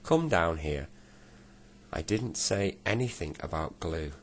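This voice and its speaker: A man's voice: low voice, animated, takes it slowly, a little hiss or hum. A man voicing a hearty, good-humoured old friend who teases fondly in a storybook reading. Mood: teasing.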